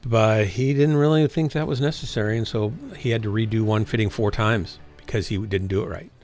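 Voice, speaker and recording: A man's voice: fairly low pitch, fairly even intonation, brisk, darkish tone, soft background music. A man in his sixties streaming from home, chatting in a frank, rambling way that often corrects itself and trails off. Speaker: game streamer. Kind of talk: casual rambling chat while streaming.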